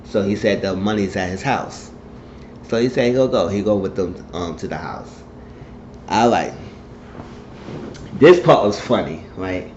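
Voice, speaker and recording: A man's voice: low-pitched, measured pace, long pauses, a little mellow, a little hiss or hum. A man casually recapping a TV episode, rambling through the plot and acting out the characters' lines in shifting voices. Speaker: TV show reviewer. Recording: dull, echoey room recording.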